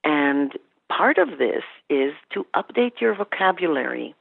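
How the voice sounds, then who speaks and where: Animated woman on a tinny line. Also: sits low, a little slow, creaky, dry recording. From Canada. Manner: animated storytelling, quoting herself and clients. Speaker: guest expert on workplace incivility. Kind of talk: podcast interview. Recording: tinny phone-like line, dry.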